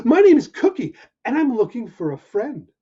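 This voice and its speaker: A man's voice: very high voice, very animated, moderate pace, breathy edge, highs cut off, voice pushed up, exaggerated voice. A man voicing a lost, hopeful young puppy in a storybook reading, polite and eager. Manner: eager, bright, polite greetings.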